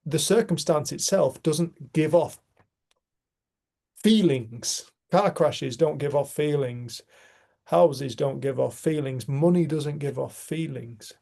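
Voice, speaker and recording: A man's voice: fairly high pitch, slow pace, creaky, mellow. A man leading a casual community group discussion, talking in an earnest, emphatic way. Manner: earnest, emphatic, swears mildly.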